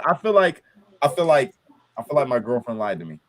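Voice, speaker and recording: A man's voice: medium pitch, sing-song, fairly quick. A man hosting a casual political chat, angry, swearing and ranting. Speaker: show host.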